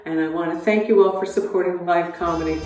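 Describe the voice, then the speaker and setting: A middle-aged woman tells a rambling stand-up story in a chatty way. Her voice is mellow and dark. She sounds distant, caught in a very echoey room. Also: steady tone, fast talker, faint music behind. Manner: chatty, rambling, acts out texts in a higher voice. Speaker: stand-up comedian. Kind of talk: stand-up comedy set. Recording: echoey room away from the mic.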